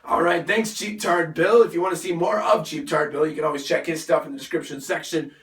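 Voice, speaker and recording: A male show host with a hoarse, raspy voice from a lost voice, chatting and joking through a casual gaming interview. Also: a little high, steady tone, a little fast, a bit bright. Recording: echoey room, distant mic.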